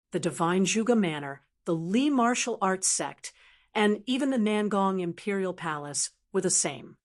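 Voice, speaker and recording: A woman narrating a martial arts fantasy audiobook in a steady, even storytelling manner. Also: medium pitch. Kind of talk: scripted narration.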